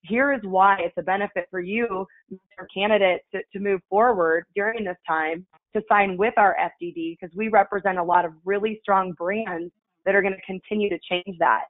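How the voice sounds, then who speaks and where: A man giving brisk, persuasive sales advice as a franchise consultant on a conference call. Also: high-pitched, fairly even intonation. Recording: tinny phone line.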